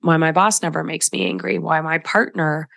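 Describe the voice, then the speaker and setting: Brief: middle-aged woman, podcast coach, low-ish voice, emphatic and direct, dry close mic. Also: steady tone, moderate pace, gravelly, a bit bright, no echo. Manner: emphatic, direct, conversational, acts out quoted voices. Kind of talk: solo podcast talk.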